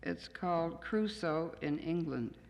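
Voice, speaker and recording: A woman in her sixties, a poet, gives a plain, measured reading of her own poems to an audience in a lecture hall. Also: low voice, lively intonation, darkish tone. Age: 60s. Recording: dull 1970s tape in an echoey hall.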